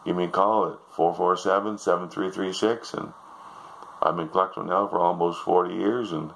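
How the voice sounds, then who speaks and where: A man's voice: deep voice, fairly even intonation, moderate pace, gravelly, fairly bright tone, a little hiss or hum, poor audio. An older man telling jokes in a folksy, meandering way, drifting into asides as he goes. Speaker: joke teller. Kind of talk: rambling joke telling.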